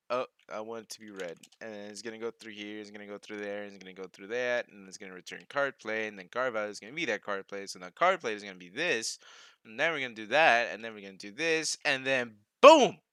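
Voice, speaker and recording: A young man with a lowish, sharp, clear and resonant voice hosts a casual live coding stream, recorded dry. He talks to himself as he works, scattered and self-mocking, laughing at his own mistakes.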